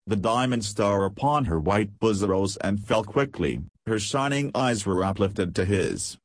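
A man narrating an audiobook in a steady, measured reading. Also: on the low side, dry recording.

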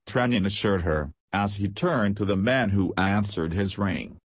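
Husky low-voiced male audiobook narrator. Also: a little slow, few pauses, no room sound. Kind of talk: scripted narration.

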